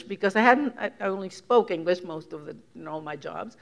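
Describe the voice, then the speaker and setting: A woman's voice: lowish voice, expressive, brisk, creaky. Puerto Rican-born older woman, reflective lecture. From Puerto Rico. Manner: reflective, laughs often, many restarts and fillers. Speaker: guest author giving a lecture. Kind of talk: conversational lecture.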